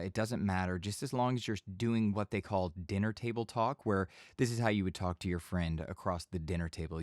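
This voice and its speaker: A man giving a casual voice-over tutorial in a home studio, speaking in a relaxed conversational tone into a studio microphone. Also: deep voice, no echo. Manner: relaxed conversational teaching, occasional bursts of yelling demos. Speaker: voice-over instructor.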